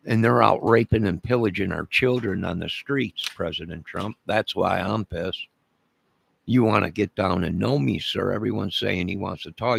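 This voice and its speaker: Man, angry profane rant, repetitive demands, gravelly, dry voice. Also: lowish voice, fairly bright tone, no echo. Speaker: vlogger.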